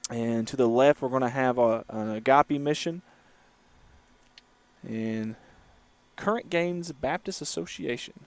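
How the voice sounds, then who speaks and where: A man's voice: medium pitch, measured pace, long pauses, no echo. A man hosting a casual livestream from a moving car, chatting and reading viewer comments aloud. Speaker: livestream host. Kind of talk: casual driving livestream chat.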